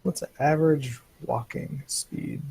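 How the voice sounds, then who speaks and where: A man's voice: a little high, steady tone, a little slow, vocal fry, dark tone, slightly rough, poor audio. A man running a tabletop game as game master, hesitant and full of fillers.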